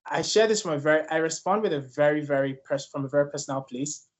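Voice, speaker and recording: A Nigerian man with a Nigerian accent talks quickly in a slightly high voice, earnest and personal, as a guest on a leadership panel.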